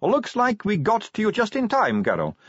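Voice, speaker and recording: A man's voice: high-pitched, wildly swooping pitch, moderate pace, husky, no echo, highs cut off, pitched above the performer's own voice, heavily acted. A man voicing a worldly, teasing young vampire woman with a knowing, wry manner in a storybook reading.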